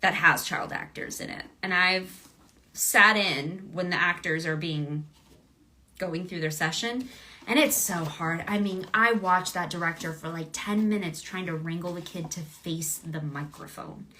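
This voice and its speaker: A woman's voice: on the low side, measured pace, pushed and bright, a little hiss or hum. A woman voice actress chatting casually with fans during a livestream autograph session, bubbly and gushing, and laughing often.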